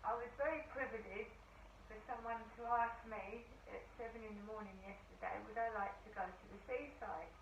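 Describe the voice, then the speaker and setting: A hoarse middle-aged woman chatting casually to her vlog camera at home, telling a rambling story. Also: mid-range voice, a little fast. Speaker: vlogger. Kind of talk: casual diary-style chat. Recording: echoey room, distant mic, dull sound, faint hiss.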